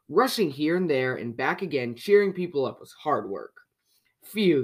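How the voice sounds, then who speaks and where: A podcast host reading a picture book aloud to children in a lively way, often asking the listener questions. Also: mid-range voice. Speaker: children's story reader.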